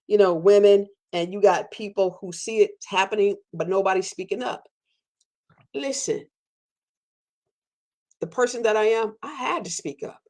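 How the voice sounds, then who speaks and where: A woman giving an emphatic personal monologue as a podcast host, repeating phrases for weight and jumping sharply up in pitch when stirred. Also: darkish tone. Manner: fiery, repetitive, preacherly emphasis with sudden pitch jumps.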